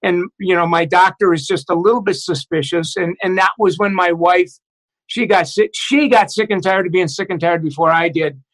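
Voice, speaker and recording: A man in middle age with a notably high voice, speaking as an interview guest. He tells his story in a halting way, full of restarts and fillers. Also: fairly bright tone, low-quality recording. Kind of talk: candid personal storytelling.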